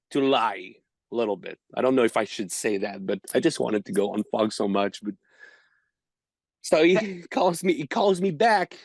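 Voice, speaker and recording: Guy in his 30s, kinda high voice, acts out all the dialogue, dry close sound. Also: dry recording. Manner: animated storyteller, acts out dialogue, laughs often. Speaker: guest baseball performer. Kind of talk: storytelling in a podcast interview.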